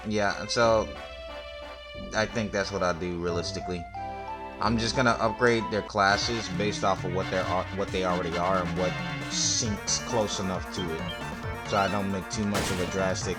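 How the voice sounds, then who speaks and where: A man's voice: deep voice, steady tone, normal speed. A young adult man casually commentating his video game playthrough, chatty and prone to breaking off mid-sentence. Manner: chatty, self-interrupting, giggly. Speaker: gameplay commentator. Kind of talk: casual let's-play commentary. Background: game music.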